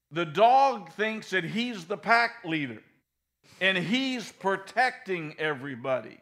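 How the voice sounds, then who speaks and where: A middle-aged man preaching a sermon in a folksy, animated way, swinging from loud bursts to soft, low passages. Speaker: pastor.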